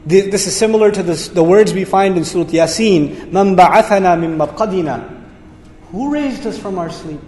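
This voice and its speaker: A man's voice: high-pitched, fairly quick, hardly any pauses, dark tone. A man teaching a lecture on Quranic word meanings, explaining with energy and repeating his key words. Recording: echoey hall reverb.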